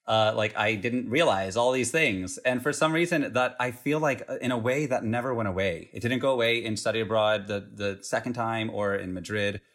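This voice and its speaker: Relaxed young American man, low voice. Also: normal speed, few pauses. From United States. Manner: relaxed, rambling with fillers and laughs. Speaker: interview guest. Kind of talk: casual conversational interview.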